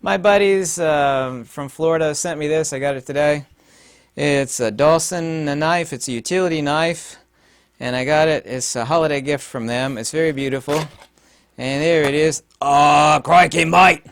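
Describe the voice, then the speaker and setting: A man talking in a casual vlog monologue, rambling and halting with many fillers, turning emphatic and mocking on his points. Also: on the high side, clean tone. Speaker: video host.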